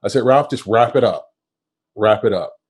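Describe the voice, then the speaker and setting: A man's voice: on the low side, moderate pace, slightly rough. A man in his fifties from Kentucky, a former football player hosting a podcast and telling self-deprecating stories. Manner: self-deprecating storyteller who quotes others. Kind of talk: casual storytelling interview.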